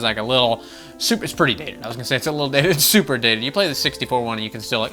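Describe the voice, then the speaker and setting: A man's voice: mid-range voice, very fast, soft background music. An American man hosting a gaming channel, ranting casually with swearing and mocking voices. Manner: animated, swears, mock voices, laughs often. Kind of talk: casual opinion rant.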